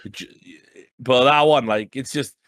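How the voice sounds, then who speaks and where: A man's voice: mid-range voice, measured pace, fairly bright tone, no room sound. Chatty man reading gull news, dry close mic. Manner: chatty, reads articles aloud with asides. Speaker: podcast co-host. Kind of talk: casual podcast chat, reading news aloud.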